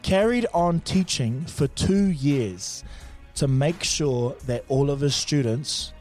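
Jokey New man, fairly high voice. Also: lively intonation, takes it slowly, darkish tone, faint music behind. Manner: jokey, teasing banter. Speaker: co-host. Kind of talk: casual chat.

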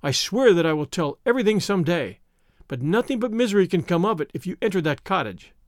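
A man's voice: high-pitched, big pitch swings, a little fast, dry recording, clean studio sound. A man voicing a frightened young wife, breathless and imploring, in an audiobook reading. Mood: pleading. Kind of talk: audiobook character voice.

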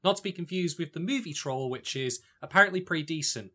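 A man hosting a casual podcast, teasing and animated, who swears freely. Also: a little high, quick pace. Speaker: podcast host.

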